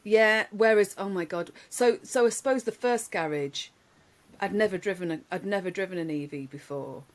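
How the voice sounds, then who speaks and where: A woman, telling lively anecdotes in casual podcast chat, laughing often. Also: mid-range voice, moderate pace. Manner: animated storyteller, laughs often, many restarts. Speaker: podcast guest.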